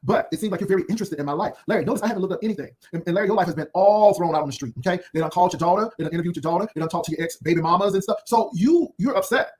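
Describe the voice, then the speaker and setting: A man's voice: high-pitched, rapid-fire, hardly any pauses, a little mellow, a little hiss or hum. A man hosting an unscripted drama commentary video, firing off sassy, cutting put-downs in a rambling way. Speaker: YouTube commentary host.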